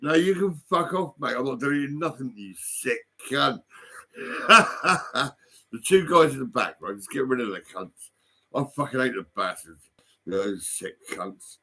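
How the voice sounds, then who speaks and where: A man's voice: mid-range voice, normal speed, pushed and bright, slightly rough. An older British man with a British accent in an angry, rambling vlog rant, swearing, threatening and mocking someone, recorded on a phone. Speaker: vlogger.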